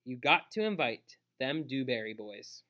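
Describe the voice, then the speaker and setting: A man doing a wise, dry-humored elderly woman, her speech slow and folksy. The voice is pitched a little up and carries a bright, forward ring, as in a read-aloud storybook. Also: expressive.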